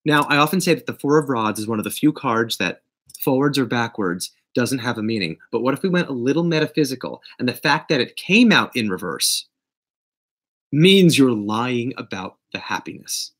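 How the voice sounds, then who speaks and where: A man giving a casual tarot reading, talking emphatically and playfully, swinging between loud bursts and quiet asides. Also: mid-range voice, lively intonation, moderate pace. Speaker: tarot reader.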